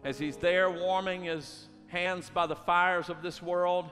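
A pastor preaching with a high-pitched voice that moves between hushed storytelling and loud, driving preaching. The sound carries a long reverb through a church hall, with soft music playing underneath. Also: male voice, steady tone, a little slow. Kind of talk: sermon. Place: church sanctuary.

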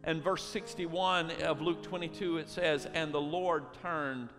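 A man preaching as a pastor, moving between hushed storytelling and loud preaching. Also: a little high, steady tone, measured pace. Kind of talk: sermon. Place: church sanctuary. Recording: long church hall reverb with faint music.

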